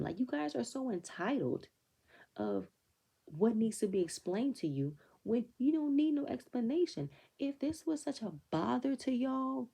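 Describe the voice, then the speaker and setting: A woman's voice: on the high side, vocal fry, dark tone, husky. A woman giving a blunt, opinionated recap of a reality TV episode, swearing freely and acting out quotes in raised voices. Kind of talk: casual recap commentary.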